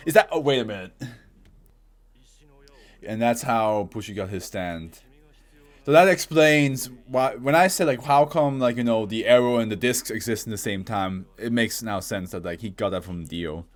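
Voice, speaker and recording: A man hosting a casual anime reaction, animated and profane. He laughs often and bursts into shouting. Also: lowish voice, moderate pace.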